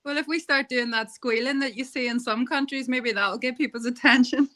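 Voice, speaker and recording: A woman joins a video call as a guest, talking in a playful, scheming way. Her voice sits a little high for a woman. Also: fairly quick, a bit bright. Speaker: arm wrestler guest. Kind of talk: casual chat.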